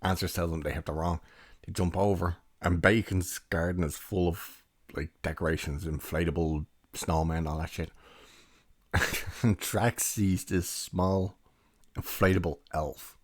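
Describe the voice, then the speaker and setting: A man's voice: sits low, steady tone, a little slow, a little mellow, dry recording, clean studio sound. A young man giving a rambling, chatty film review and laughing now and then as he recounts scenes. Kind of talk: casual spoken film review.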